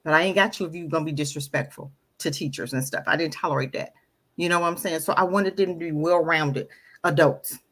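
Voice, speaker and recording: A middle-aged woman talking candidly about her past as a guest, emphatic and repeating phrases for stress. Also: fairly low pitch. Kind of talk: candid personal storytelling. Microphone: audio-only radio show recording.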